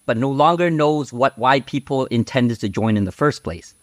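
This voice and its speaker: A man's voice: medium pitch, normal speed, no room sound. A man talking casually as an interview guest, frank and outspoken, rambling with fillers and tag questions. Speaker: podcast guest. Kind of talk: casual conversational storytelling.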